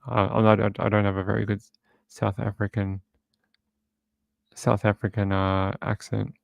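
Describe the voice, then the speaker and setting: A man with a low, gravelly voice hosts a true crime livestream from home. He chats casually and reads viewer comments aloud, and the sound is close and dry. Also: little pitch movement, measured pace, no room sound.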